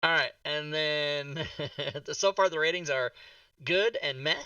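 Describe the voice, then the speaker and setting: A man's voice: a little high, slow, pushed and bright, clear, resonant tone, no echo, far from the mic, lo-fi sound. A man hosting a casual talk show about a tabletop game book, joking, swearing and laughing as he goes.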